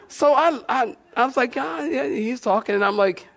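A man preaching a sermon, telling a funny personal story and reading scripture, with lively repetition and questions to the congregation. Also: extremely high pitch, moderate pace, vocal fry. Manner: animated storyteller, repeats phrases, asks the congregation questions. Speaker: pastor.

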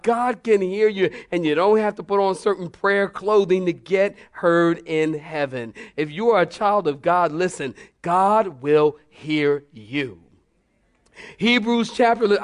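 A man preaching to a church congregation as pastor, animated and humorous, breaking into mock voices and then spelling out points slowly like a teacher. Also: on the high side. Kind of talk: sermon.

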